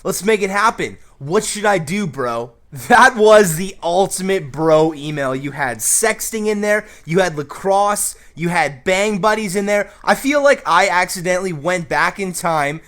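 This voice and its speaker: A man hosting a comedic advice vlog and shouting hyped gameplay commentary, brash and crude with constant jokes. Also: fairly high pitch. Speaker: YouTube host.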